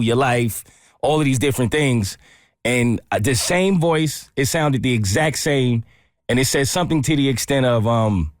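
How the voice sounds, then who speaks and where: A young man, a radio show co-host, telling a story in a relaxed, chatty way. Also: medium pitch, no room sound, clean studio sound. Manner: relaxed, conversational, with frequent restarts. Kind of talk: casual storytelling on a morning show.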